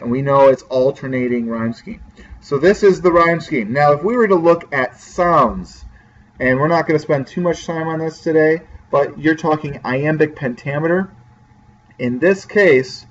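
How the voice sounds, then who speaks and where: A man's voice: mid-range voice, dull audio, a little hiss or hum. Casual male teacher explaining poetry. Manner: casual, talks directly to students. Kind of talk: classroom lecture on poetry.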